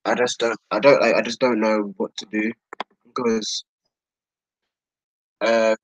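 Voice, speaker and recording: A man's voice: on the low side, little pitch movement, unhurried, no room sound, lo-fi sound. A young man with a British accent, rambling hesitantly in a casual vlog, with frequent stammers and restarts. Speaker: vlogger.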